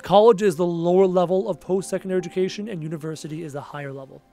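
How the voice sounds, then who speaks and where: A tired man hosting a gaming livestream, casually rambling and reading viewer comments aloud, his phrases often trailing off quietly. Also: high-pitched, steady tone, very fast, faint music behind. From Canada. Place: home.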